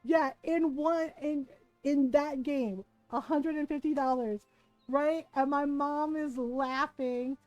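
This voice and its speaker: Woman streamer spinning a story, high voice, dry close sound, keeps saying right?. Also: slow pace, no echo, dull audio, soft background music. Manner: lively storyteller who keeps asking "right?". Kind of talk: casual storytelling chat.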